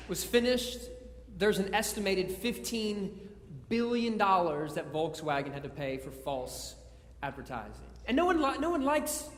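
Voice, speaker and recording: A man's voice: high-pitched, fairly bright tone. A man preaching a conversational sermon in a church, mixing jokes with scripture and often stumbling and repeating words. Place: church sanctuary. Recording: echoey church hall.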